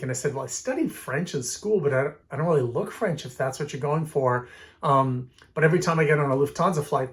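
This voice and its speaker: A man in his fifties answering fan questions in a casual, rambling way, full of fillers and restarts. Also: fairly high pitch. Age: 50s. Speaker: film music director answering fan questions.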